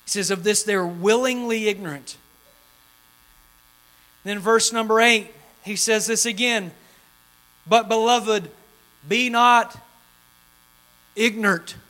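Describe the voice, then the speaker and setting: High, bright-voiced preacher pleading fervently. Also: male voice, slow, long pauses. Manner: fervent preaching that swings from shouted pleading to low hushed tones. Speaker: pastor. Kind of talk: sermon. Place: church sanctuary before a congregation.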